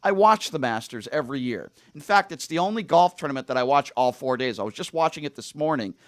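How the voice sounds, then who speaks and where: A man's voice: medium pitch, expressive, quick pace, no room sound, clean studio sound. Ranting man hosting a talk show. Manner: emphatic, ranting, frequent fillers and restarts. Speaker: radio talk show host. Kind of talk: opinionated studio talk show. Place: radio studio.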